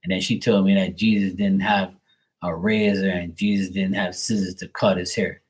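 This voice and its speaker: A man in his late forties telling blunt, profane stories on a livestream, putting on higher, louder voices for the people he quotes. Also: level tone, normal speed, husky, poor audio. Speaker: livestream tarot reader. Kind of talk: casual livestream storytelling.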